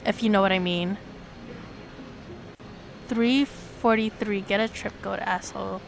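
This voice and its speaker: A woman streamer reading a visual novel aloud, with sudden excited leaps in her voice. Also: a little slow, gravelly, a little hiss or hum. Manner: animated reading with sudden high excited jumps.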